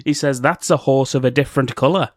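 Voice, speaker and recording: A man co-hosting a podcast, retelling film scenes in casual chat and slipping into quick character impressions, laughing often. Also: mid-range voice, dry recording, studio quality. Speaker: podcast co-host.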